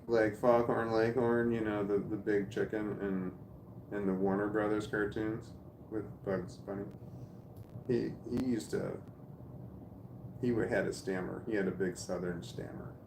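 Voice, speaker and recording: In an echoey room with background noise, a lowish-voiced man rambles through a casual live stream chat. He reads out viewers' comments and responds, thinking aloud and stumbling over repeated words while he searches for his next thought.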